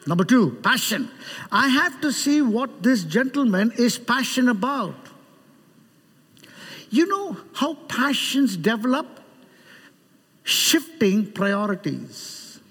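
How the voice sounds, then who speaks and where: Animated Indian preacher in echoey hall. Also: male voice, very high-pitched, takes it slowly, long pauses, slightly rough. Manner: animated, mimics others in quoted dialogue, laughs often. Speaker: guest preacher. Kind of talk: sermon with storytelling.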